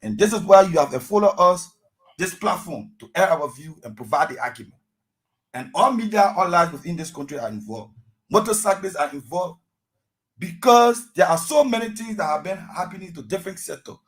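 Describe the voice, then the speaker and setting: Husky man, impassioned speech. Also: high-pitched, animated, a little fast, poor audio. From Liberia. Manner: impassioned, rallying speech with repetitions. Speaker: student activist guest. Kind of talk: radio talk show discussion.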